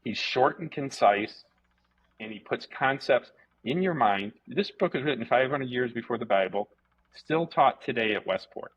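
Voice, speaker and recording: A man, a martial arts instructor, telling stories casually as a guest, animated, repeating words and swearing freely. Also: mid-range voice, moderate pace, husky. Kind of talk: casual storytelling interview. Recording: dull lo-fi podcast audio.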